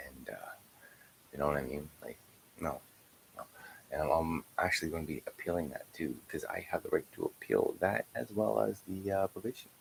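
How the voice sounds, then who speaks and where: A man's voice: extremely low pitch, animated, moderate pace, creaky, a little hiss or hum, poor audio. A man in an angry, profane livestream rant, aggrieved and often dropping into whispered asides. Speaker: streamer.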